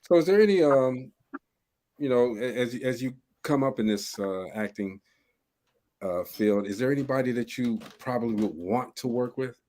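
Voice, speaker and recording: A man hosting a casual interview show, asking relaxed, halting questions with restarts. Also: medium pitch. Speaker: show host.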